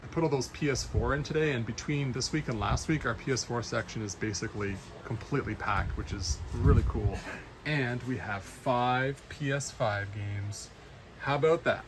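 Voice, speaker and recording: A man chatting casually in his retro game store vlog, upbeat and quick to laugh. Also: medium pitch, noisy background.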